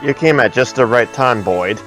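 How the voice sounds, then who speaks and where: A man's voice: mid-range voice, expressive, normal speed, fairly bright tone, faint music behind, lightly acted. A man reading the lines of a stern middle-aged mercenary leader and father from a game, in a commanding way.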